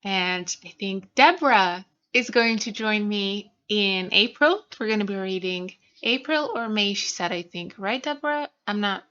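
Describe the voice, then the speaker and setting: Chatty book vlogger lady, bright crisp voice, kinda dull lo-fi sound. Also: medium pitch, expressive, measured pace, hardly any pauses. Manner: chatty, self-conscious, many fillers and restarts. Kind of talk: casual chat. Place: small room at home.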